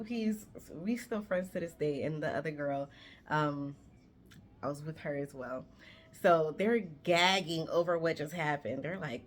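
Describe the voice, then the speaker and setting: On her vlog, a woman of about thirty tells a story in a lively, chatty manner, cursing freely and addressing her viewers directly. Her voice sits low and she speaks at a normal speed.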